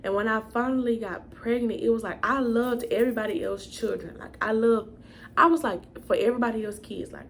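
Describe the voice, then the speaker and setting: A woman's voice: on the high side, fairly quick, creaky, a little hiss or hum. A young woman telling a storytime vlog in a casual, chatty way, addressing viewers as y'all. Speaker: vlogger.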